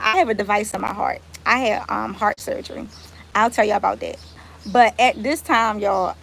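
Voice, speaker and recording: A woman, telling a story on a live stream in casual, animated talk and swearing freely. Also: on the high side, gravelly, a little hiss or hum. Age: 30s. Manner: animated, swears freely, talks straight to viewers. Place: outdoors.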